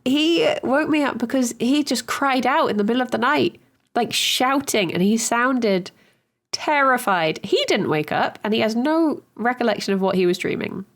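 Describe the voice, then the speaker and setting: A woman's voice: fairly high pitch, animated, moderate pace. Playful woman podcast co-host. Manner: chatty, laughs easily, playful. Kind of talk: casual chat.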